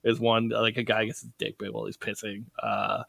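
A man guesting on a podcast, telling stories in an animated, rambling way. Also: lowish voice, brisk, vocal fry, no room sound, clean studio sound. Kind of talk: casual podcast chat.

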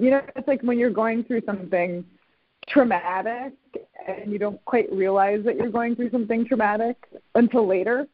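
A man's voice: high-pitched, dry recording. A man hosting a casual podcast chat, speaking in a reflective, thoughtful way. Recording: dry, phone-like sound.

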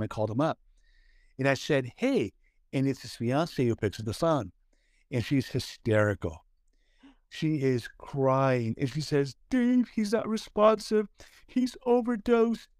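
A man's voice: mid-range voice, darkish tone, dry recording, clean studio sound. A man from Southern California co-hosting a casual podcast, telling a story with many fillers and restarts. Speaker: podcast co-host. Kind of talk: casual chat.

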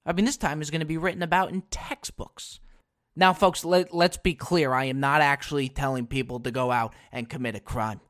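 Animated man hosting a comedy podcast. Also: a little fast. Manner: animated storyteller, swings from loud bursts to low asides; blunt, swears casually. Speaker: podcast host. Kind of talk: comic solo podcast monologue.

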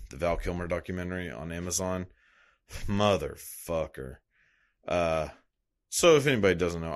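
A young man talking in a loose, rambling monologue, swearing a lot and laughing at himself. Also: deep voice. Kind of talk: casual profane monologue.

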